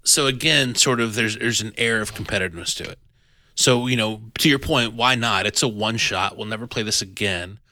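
A man hosting a casual podcast chat about a tabletop adventure, animated and self-deprecating, with many restarts. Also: fairly low pitch, brisk. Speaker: podcast host reviewing an adventure.

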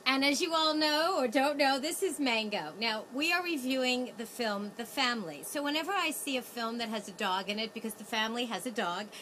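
A woman's voice: a little high, fairly quick, hardly any pauses, bright, forceful tone, slight background noise. A woman co-hosting a casual film review show. She is chatty and laughs often, with rambling restarts.

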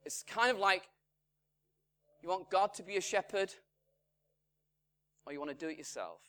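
A man preaching a sermon, measured and emphatic, his voice swinging from strong lines down to hushed, quiet ones. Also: sits high. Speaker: pastor. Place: church in Salford.

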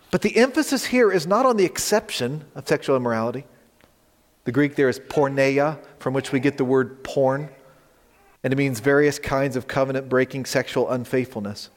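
A man delivers a sermon from the pulpit, reading scripture aloud and unpacking it verse by verse. His voice sits a little high for a man. A long reverb from the church hall trails after each phrase. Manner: expository preaching, reading scripture aloud and explaining it. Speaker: pastor. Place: church sanctuary.

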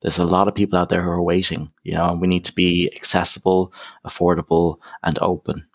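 A man's voice: sits low, level tone, a little fast. A young man, a counsellor, talking casually in an interview, emphatic, with lots of "you know" and "okay?". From Ireland. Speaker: counsellor, podcast guest.

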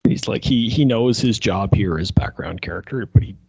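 A man's voice: lowish voice, normal speed, darkish tone, breathy edge, no room sound. A man chatting casually about a movie, rambling and animatedly retelling scenes. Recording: dull lo-fi sound.

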